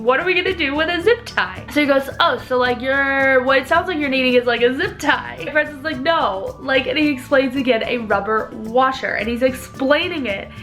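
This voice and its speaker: A woman's voice: high-pitched, a bit bright. A young woman in her twenties telling a story in a casual vlog, chatty and often laughing. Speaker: vlogger.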